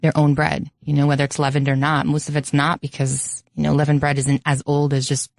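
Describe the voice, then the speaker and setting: A woman chatting on a radio show, talkative and quick to laugh, close on a studio mic. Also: low-pitched, little pitch movement, creaky, a little mellow, no room sound. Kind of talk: casual radio chat.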